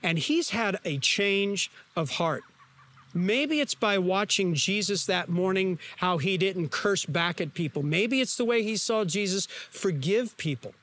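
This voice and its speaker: Pastor guy with a high voice, preaching, telling the story vivid and punchy, asks the crowd stuff. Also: lively intonation, unhurried, fairly bright tone. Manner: vivid storytelling, emphatic, asks the listeners questions. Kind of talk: sermon.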